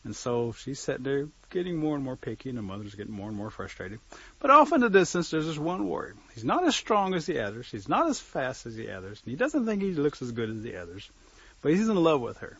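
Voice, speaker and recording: Male storyteller, husky voice, animated, dull lo-fi recording. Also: medium pitch, quick pace. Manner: animated, swings loud and soft, joking asides. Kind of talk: oral storytelling.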